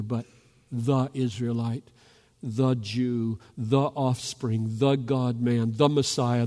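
A pastor preaching a fervent sermon, rising to loud calls as he urges his listeners. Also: medium pitch. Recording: long reverb of a large hall.

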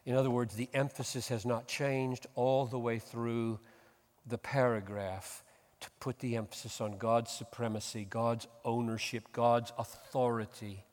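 A pastor delivering an expository sermon, earnest and emphatic, swinging from hushed tones to loud exclamations. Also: male voice, medium pitch, little pitch movement, normal speed. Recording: long hall reverb.

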